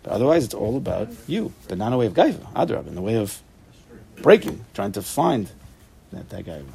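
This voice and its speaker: A man teaching an informal Torah study class, animated, repeating himself and restarting sentences, mixing in Hebrew and Yiddish terms. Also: fairly low pitch, brisk, creaky. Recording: recorded in a study room for a tape.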